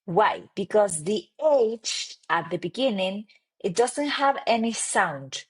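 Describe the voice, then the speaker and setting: Giving an online Spanish lesson, an Argentine woman repeats words slowly and clearly for learners in her native accent. She has a medium-pitched voice with lively intonation.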